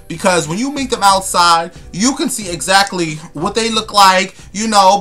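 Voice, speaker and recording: Sassy, bright-voiced New man ranting. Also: sits high. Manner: sassy, profane, emphatic ranting. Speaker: vlogger. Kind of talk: casual rant to camera.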